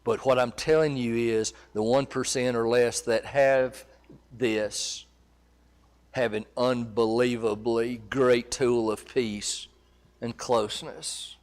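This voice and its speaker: A man's voice: medium pitch, fairly even intonation, slow pace. A man presenting a marriage seminar in a church, talking conversationally and checking in with his audience. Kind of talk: teaching a seminar.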